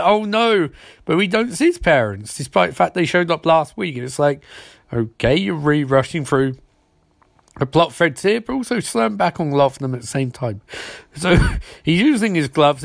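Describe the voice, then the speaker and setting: Young male reviewer, snarky and mocking, slightly raised pitch, dry close sound. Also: vocal fry, no room sound. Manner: mocking, snarky, acts out characters' lines in quick voices. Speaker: TV episode reviewer. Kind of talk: sarcastic episode recap.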